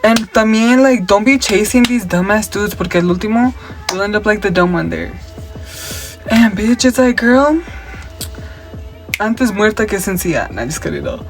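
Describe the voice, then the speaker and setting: A man's voice: sits high, normal speed, long pauses, soft background music. A young man, chatting casually through a makeup tutorial and story time, sassy and profane, mixing Spanish slang into his English. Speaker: makeup vlogger. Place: at home.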